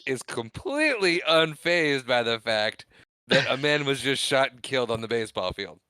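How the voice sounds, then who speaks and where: Wry co-host man with bright voice. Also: medium pitch, very animated, normal speed, clean tone, no room sound. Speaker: podcast co-host. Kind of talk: casual movie chat.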